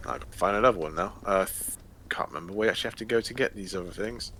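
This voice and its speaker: A man with a lowish, fairly bright voice hosts a gaming video, talking at a racing pace. He chats casually while playing, joking and rambling.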